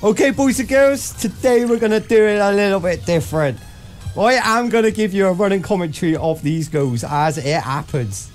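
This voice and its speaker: Shouty, high-voiced man commentating. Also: normal speed, faint music behind, low-quality recording. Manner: swears constantly, shouts on goals. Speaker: gaming show presenter. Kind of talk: excited running commentary.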